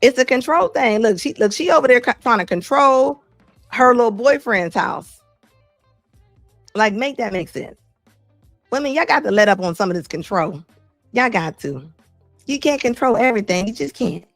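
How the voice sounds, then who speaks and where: A woman hosting a show where she reacts to clips, with animated, incredulous, slangy commentary. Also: fairly high pitch, normal speed, long pauses, no echo, faint music behind.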